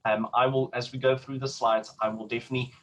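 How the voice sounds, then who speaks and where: A man giving a diction lesson for singers, talking in a relaxed way with many ums and uhs and encouraging the listener. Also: mid-range voice, quick pace, poor audio. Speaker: opera diction teacher. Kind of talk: instructional lesson.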